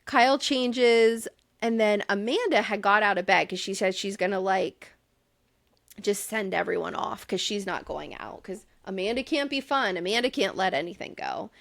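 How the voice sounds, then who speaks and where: A woman co-hosting a podcast, recapping a reality show in casual chat, exasperated and profane, with quick asides. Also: mid-range voice, creaky, dry recording. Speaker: podcast co-host.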